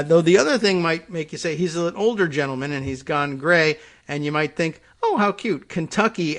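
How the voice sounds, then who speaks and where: A man's voice: fairly high pitch, a bit bright. Rambling, wry talk-show host man. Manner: rambling, wry and sarcastic, many fillers and restarts; reads listener comments and tweets aloud. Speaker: podcast host. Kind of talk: casual solo commentary.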